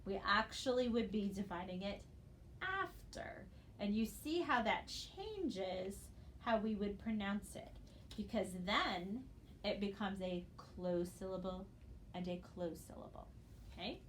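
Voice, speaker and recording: A woman teaching a phonics lesson, sounding out syllables slowly and checking in with "okay?" after each step. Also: mid-range voice, lively intonation, a little hiss or hum. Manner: patient, checks in with frequent "okay?". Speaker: reading teacher.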